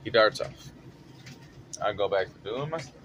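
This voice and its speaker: A man telling a story from his retail job in an animated, dramatic way. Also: lowish voice, moderate pace, slight background noise. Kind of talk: casual storytelling vlog.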